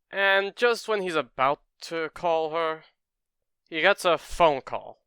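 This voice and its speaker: A man's voice: fairly high pitch, slow, bright, forceful tone, smooth, no echo, clean studio sound. A man casually narrating a fan story in a rambling way, correcting himself as he goes.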